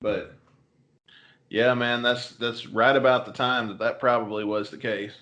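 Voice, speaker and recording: A man's voice: medium pitch, level tone, a little slow, bright, forceful tone. Laid-back joking man on lo-fi audio. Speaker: podcast co-host. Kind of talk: casual chat.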